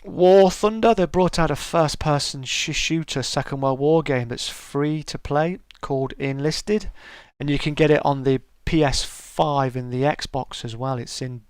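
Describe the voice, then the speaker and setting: A man's voice: fairly high pitch, a little slow, few pauses, clean tone, dry recording, clean studio sound. A middle-aged man hosting a casual live-stream chat, greeting viewers by name and calling them mate.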